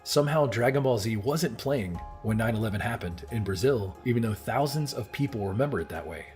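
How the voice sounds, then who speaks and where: A man's voice: fairly low pitch, expressive, brisk, a little mellow. A man in his thirties narrates from a script in an earnest storytelling way, often turning to ask his viewers what they remember. Faint music plays underneath his voice. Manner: earnest, storytelling delivery with direct questions to viewers. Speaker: video narrator.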